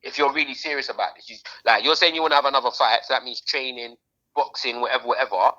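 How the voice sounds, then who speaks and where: A man, co-hosting a podcast in casual, slangy, animated chat. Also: mid-range voice, quick pace, lo-fi sound. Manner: animated, slangy, talks over others. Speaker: podcast co-host.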